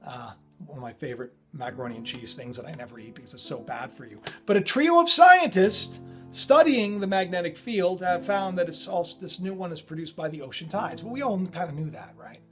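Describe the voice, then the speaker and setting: A man hosting his own channel, talking in a rambling, excitable way full of digressions and self-interruptions. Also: high voice, a little fast, soft background music. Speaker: channel host. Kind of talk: rambling spiritual commentary.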